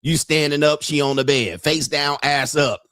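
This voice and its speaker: A man's voice: fairly high pitch, steady tone, normal speed, fairly bright tone, no room sound, clean studio sound. A man in his fifties hosting a livestream, talking in a crude, joking, brash way. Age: 50s. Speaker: livestream host. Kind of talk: casual livestream commentary.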